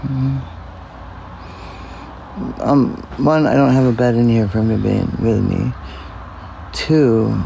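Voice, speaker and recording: Gravelly mumbling man livestreaming. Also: medium pitch, mellow, a little hiss or hum, low-quality recording. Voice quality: mumbly speech from a missing front tooth. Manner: rambling and profane, talking to viewers. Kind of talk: casual livestream chat.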